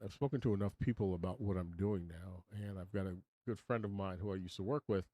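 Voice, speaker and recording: A man's voice: sits low, quick pace, dark tone, no room sound. A man in his sixties hosting a casual livestream from his home studio, chatting with viewers in a rambling, self-deprecating way. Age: 60s. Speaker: livestream host.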